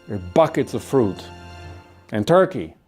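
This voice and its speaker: A man's voice: mid-range voice, sing-song, unhurried, darkish tone, soft background music. A man delivering a comic monologue, ranting with lots of swearing and acted-out asides.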